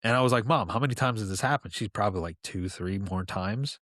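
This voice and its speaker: A man in his thirties from New York, a podcast guest telling personal stories in a relaxed, conversational way with asides. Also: fairly low pitch, fast, no echo, clean studio sound. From New York, USA. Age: 30s. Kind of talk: casual storytelling.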